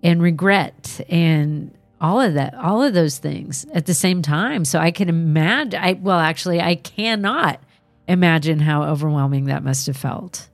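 A woman's voice: fairly low pitch, a little slow, no echo, faint music behind. A woman co-hosting a ghost story show, reflecting sympathetically on a guest's story. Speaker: co-host. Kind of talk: casual chat.

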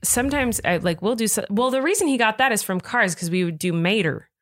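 A woman's voice: medium pitch, expressive, brisk, no echo, studio quality. A woman in her thirties co-hosting a podcast at home, chatting casually and laughing often. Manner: chatty, laughs often, jumps into silly voices. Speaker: podcast co-host. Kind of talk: casual chat. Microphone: large studio microphone.

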